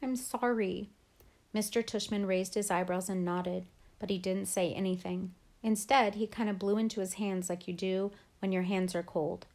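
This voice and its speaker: A woman's voice: mid-range voice, level tone, moderate pace, darkish tone. Woman reading a novel aloud. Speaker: book reader.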